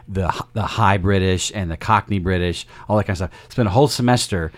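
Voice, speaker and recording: A man with a very low voice talks through faith lessons in a relaxed, conversational podcast chat. He builds his points with homespun analogies and stops and restarts his sentences as he thinks aloud. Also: brisk. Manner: explains step by step with homespun analogies; frequent self-interrupting restarts. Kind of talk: casual faith discussion.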